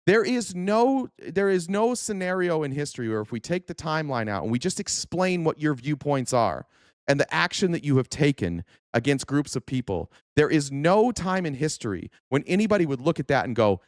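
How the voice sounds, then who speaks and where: An angry man hosts a political live stream, cursing freely and firing questions back at his chat. His voice sits fairly high, and his sarcastic mock quotes land hard. The sound is close and dry, with no room around it. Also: expressive, moderate pace, dry recording. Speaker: political talk show host.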